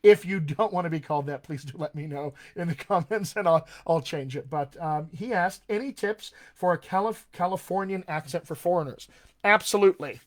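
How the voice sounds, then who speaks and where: A man hosts a live online question-and-answer session as a dialect coach. His voice sits a little higher than most men's. He talks in an upbeat, emphatic way, full of fillers and restarts. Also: brisk. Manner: enthusiastic, emphatic, conversational with many fillers. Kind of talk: live Q&A stream.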